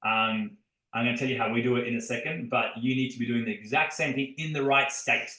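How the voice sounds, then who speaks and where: Podcast host, male, bright forceful tone, energetic storyteller, echoey room. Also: medium pitch, fairly quick. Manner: energetic storytelling, addresses listeners directly. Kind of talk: casual podcast chat. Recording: roomy echo.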